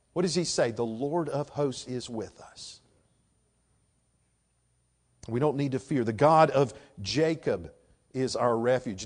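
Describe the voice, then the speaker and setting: Preacher swinging from hush to shouts. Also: male voice, mid-range voice. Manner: swings from hushed to shouting for emphasis. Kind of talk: sermon.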